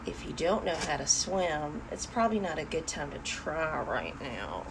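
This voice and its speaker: Animated woman reading a children's story. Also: sits low, moderate pace, background noise. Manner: animated, talks to young listeners. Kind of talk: children's story read-aloud.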